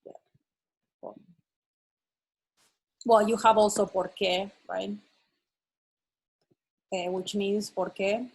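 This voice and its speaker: A woman's voice: mid-range voice, fairly even intonation, slow, creaky, pauses often, a little mellow, breathy edge, poor audio. A woman teaching an online lesson, explaining patiently and checking that her student follows. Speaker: Spanish teacher.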